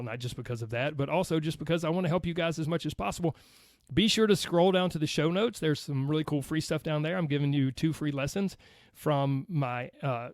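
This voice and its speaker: A man's voice: a little high, no echo, clean studio sound. A man with a Southern American accent hosting a solo podcast in an upbeat, chatty way, talking straight to his listeners. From United States. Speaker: podcast host.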